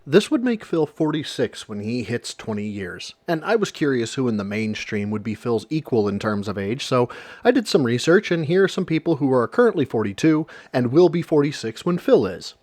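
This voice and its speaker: A man's voice: medium pitch, sing-song, normal speed, darkish tone, no room sound. Sarcastic man narrating commentary. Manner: sarcastic, mocking.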